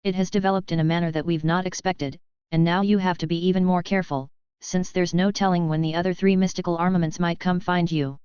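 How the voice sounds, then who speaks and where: A sardonic male spirit that teases his companion, voiced by a woman narrator. The delivery is sarcastic and the tone smooth and low. Recorded dry and close, with a slightly dull sound. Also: steady tone, fast talker, darkish tone, dry recording, close to an everyday voice. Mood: urgent. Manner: teasing, sarcastic. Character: sardonic male immortal soul, a teasing sidekick. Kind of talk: audiobook character voice.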